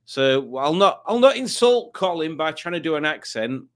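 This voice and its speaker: A man's voice: fairly high pitch, big pitch swings, moderate pace. Rambling male livestream quiz host. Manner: rambling, reads viewer comments aloud with asides. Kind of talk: casual livestream chat.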